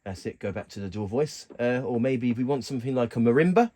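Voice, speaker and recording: A man with a mid-range voice gives a casual keyboard walkthrough, speaking haltingly and correcting himself mid-sentence. Loud keyboard music plays over his voice, with the demonstrated keyboard sounds in the background.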